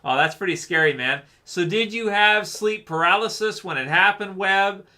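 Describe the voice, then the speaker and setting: A man's voice: high-pitched, moderate pace, bright, forceful tone. A man hosting a casual livestream, chatting loosely with viewers and reading their comments, with plenty of fillers. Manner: laid-back, rambling, many fillers, calls listeners "man". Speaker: livestream host.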